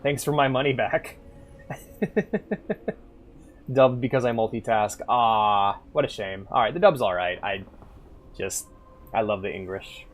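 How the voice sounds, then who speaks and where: A man streaming a game and chatting casually, loud and animated, swearing and laughing as he plays. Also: fairly low pitch, a little slow, pauses often. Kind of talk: casual gaming stream chat.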